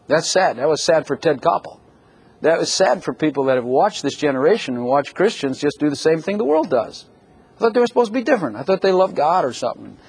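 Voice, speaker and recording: An older man preaching a sermon, animated and storytelling, acting out scenes. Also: on the high side, slightly rough.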